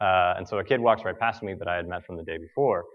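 An American man preaching a sermon, telling a personal story in a halting way with many fillers and restarts. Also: sits low, muffled recording. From United States.

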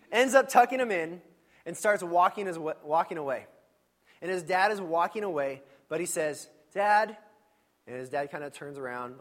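A man preaching a sermon in a church, in a conversational and animated storytelling manner with frequent asides. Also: on the high side. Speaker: pastor.

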